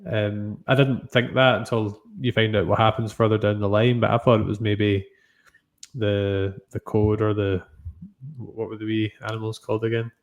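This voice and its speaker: A man's voice: lowish voice, little pitch movement. A man co-hosting a chat about a TV episode, offering careful, hedged readings. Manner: measured, analytical, hedging. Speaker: podcast co-host reviewing TV. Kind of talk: casual chat.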